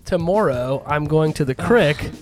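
A man's voice: a little high, expressive, unhurried, faint music behind. A man casually chatting with friends on a podcast, swearing often and teasing. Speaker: podcast co-host. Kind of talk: casual chat among friends.

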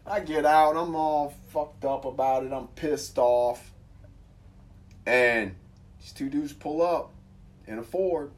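A man telling a wild, profane story in casual chat, acting out the quotes loudly. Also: a little high, slow pace, long pauses. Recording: voice from far off the mic.

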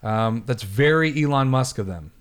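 A man co-hosts a relaxed podcast, reading odd news aloud and drifting into loose, joking tangents full of fillers. His voice sits at an ordinary middle pitch. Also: normal speed, a little hiss or hum. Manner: rambling, filler-heavy and joking. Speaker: podcast co-host. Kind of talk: casual chat reading news.

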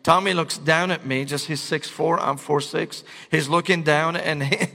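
A middle-aged pastor, preaching in animated, comic storytelling bursts. His voice sits fairly high for a man, and the long reverb of a large hall trails every phrase. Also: moderate pace, creaky. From Syria. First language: Arabic. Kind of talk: sermon with humorous storytelling.

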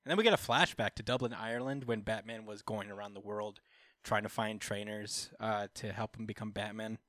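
A man's voice: fairly low pitch, fairly even intonation, fairly quick, a bit bright, no room sound, clean studio sound. A young man co-hosting a podcast, casually recapping a comic story in a rambling, filler-heavy way. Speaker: podcast co-host.

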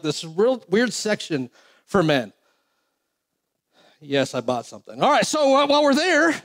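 A man with a high-pitched voice preaching a sermon. He reads old-fashioned scripture verses aloud. Between verses he drops into relaxed, joking asides to the congregation. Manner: casual, joking asides between King James readings.

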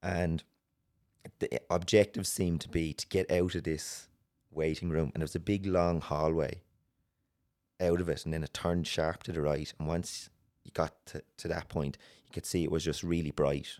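An Irish man telling a personal story as a podcast guest, earnest and halting, with many restarts. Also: extremely low pitch, level tone, a little mellow. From Ireland.

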